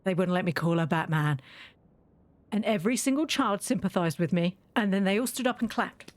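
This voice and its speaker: A woman's voice: mid-range voice, expressive, fairly quick. A woman streaming a game, chatting and telling stories with frequent laughter. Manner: chatty, laughs often mid-story. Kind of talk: casual storytelling while gaming.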